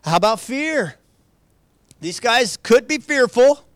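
A pastor delivers a sermon in a high-pitched male voice, earnest and conversational. He stumbles into restarts and keeps posing rhetorical questions to the congregation. The sound is dry, with almost no room echo. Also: lively intonation, slow pace. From United States.

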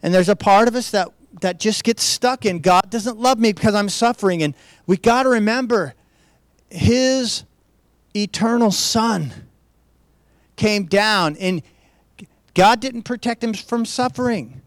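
A man's voice: sits high, slow, long pauses, dry recording, studio quality. A man giving a sermon as a pastor, earnest and conversational, often restarting and asking rhetorical questions. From United States.

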